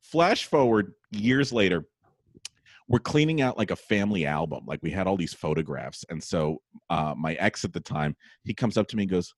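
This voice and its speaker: A man hosting a podcast, telling stories in a rambling, animated way and laughing often. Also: sits low, moderate pace, dry recording, clean studio sound. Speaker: podcast host. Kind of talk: casual storytelling chat.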